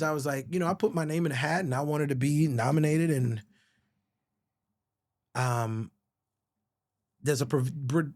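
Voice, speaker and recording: A middle-aged man from the Virgin Islands, a songwriter guest telling stories candidly and emotionally, swearing often and calling people bro. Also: on the high side. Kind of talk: casual storytelling interview.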